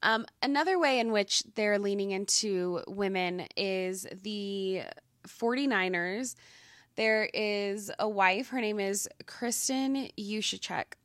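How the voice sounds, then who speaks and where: A woman's voice: medium pitch, slow, fairly bright tone, no echo, studio quality. A young woman hosting a podcast, chatting casually with lots of fillers and gushing enthusiasm. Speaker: podcast host. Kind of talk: casual commentary.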